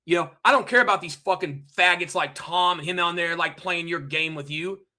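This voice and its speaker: A man's voice: a little high, fairly quick, pushed and bright. A man hosting a livestream, ranting angrily to his chat, profane and repetitive, and pressing listeners with rhetorical questions. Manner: heated, profane, repetitive, addresses chat directly. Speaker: livestream host. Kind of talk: angry ranting livestream monologue.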